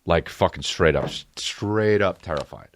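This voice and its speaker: A man's voice: low voice, lively intonation, moderate pace, no echo. A man in his late thirties from New Jersey, telling comedic stories as a podcast host in a profane, rambling way. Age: 30s. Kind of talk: comedic storytelling.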